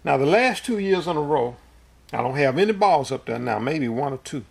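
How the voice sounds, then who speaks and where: A man's voice: on the high side, animated, moderate pace, gravelly, breathy edge. A man preaching a sermon in a folksy, storytelling way, with homespun asides.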